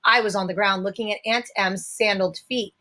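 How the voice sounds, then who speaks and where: A woman's voice: medium pitch, fairly even intonation, brisk, bright, forceful tone. Woman reading a novel aloud. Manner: first-person storytelling. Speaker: audiobook reader.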